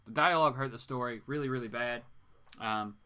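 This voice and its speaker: A man's voice: mid-range voice, a little fast, sharp tone, clear, resonant tone. A man hosting a casual live comics show, rambling through his thoughts and chatting back to viewers' comments. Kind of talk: casual live-stream chat.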